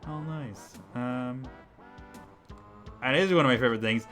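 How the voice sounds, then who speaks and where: A man's voice: mid-range voice, normal speed, long pauses, a bit bright, faint music behind. A man giving casual, rambling commentary while playing through an old game. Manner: chatty, rambling asides with fillers. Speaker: let's play host.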